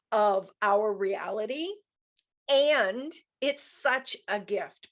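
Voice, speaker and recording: A middle-aged woman hosting a motivational business show, talking emphatically and repeating her key points. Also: a little high. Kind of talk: motivational talk show monologue.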